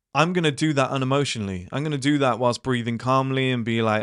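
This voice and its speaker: A man's voice: mid-range voice, quick pace, few pauses, fairly bright tone, smooth, dry recording, clean studio sound. A man in his thirties giving a casual motivational talk to his viewers, blunt and rambling, with plenty of swearing and fillers. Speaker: channel host.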